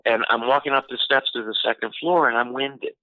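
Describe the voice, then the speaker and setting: A man telling a personal story in an interview, unhurried and full of "you know" fillers. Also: medium pitch, steady tone, no room sound. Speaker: interview guest. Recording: tinny phone-line audio, dry.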